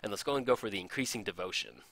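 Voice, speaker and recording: An excitable man narrates his card game play in a casual, chatty way, laughing often and cheerfully owning up to his slip-ups. His voice is bright and forward, with lively swings in pitch. The sound is dry and close. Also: very fast, vocal fry, no room sound. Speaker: gameplay commentator.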